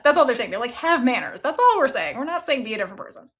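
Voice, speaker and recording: A woman hosting a casual book review podcast, chatty and expressive, swearing freely as she talks. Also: high-pitched, very fast, few pauses. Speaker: book club podcast host.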